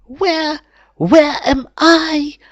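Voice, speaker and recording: A small, timid storybook mouse, as a woman reads him, speaking in a raised, plaintive voice. He sounds weak and hesitant. The read is slow and dry. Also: high-pitched, no echo, dull audio, voice pushed up. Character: strange little sickly male mouse, timid.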